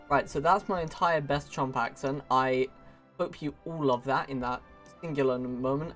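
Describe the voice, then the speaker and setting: A man's voice: medium pitch, fairly even intonation, moderate pace, fairly bright tone, soft background music. Chatty young man streaming a strategy game. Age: young adult. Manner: chatty, jokey, self-mocking asides. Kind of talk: casual gameplay commentary.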